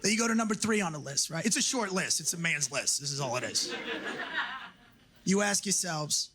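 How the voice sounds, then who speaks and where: A man doing a stand-up comedy set, brash and profane, mocking and shouting for punchlines. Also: fairly high pitch, animated, normal speed, pauses often, a little hiss or hum. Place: comedy club stage with a laughing audience. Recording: live club recording with audible crowd ambience.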